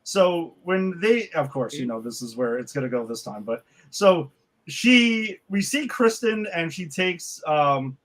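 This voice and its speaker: A man's voice: fairly high pitch, lively intonation, unhurried. A man co-hosting a podcast, talking casually about a film, rambling and full of questions. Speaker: podcast co-host.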